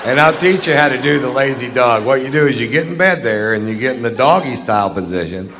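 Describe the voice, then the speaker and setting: A middle-aged man doing a stand-up routine, drawing out dry punchlines and acting out shouted quotes. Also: medium pitch, animated, quick pace. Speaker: stand-up comedian. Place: large theater stage. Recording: live hall recording with crowd noise. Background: audience laughter.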